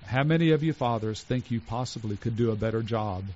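A pastor preaching a sermon in an earnest way, slowing down to stress each item in a list and going soft for tender points. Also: male voice, mid-range voice, slight background noise. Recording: dull lo-fi recording.

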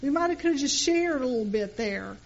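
A woman's voice: high voice, expressive, a little fast, vocal fry, muffled recording. A middle-aged woman preaching a sermon in church, telling stories in a conversational way and making earnest appeals to the congregation. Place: church sanctuary.

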